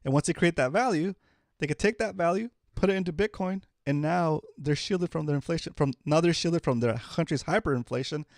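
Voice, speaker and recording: A man in his thirties hosting a casual livestream, animated and forever asking "right?". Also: a little high, brisk, no echo, studio quality. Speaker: host.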